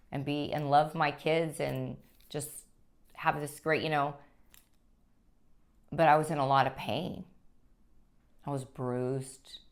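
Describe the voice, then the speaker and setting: A woman sharing her personal story as a guest, speaking earnestly and haltingly, with frequent restarts. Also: low-pitched. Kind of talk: personal testimony.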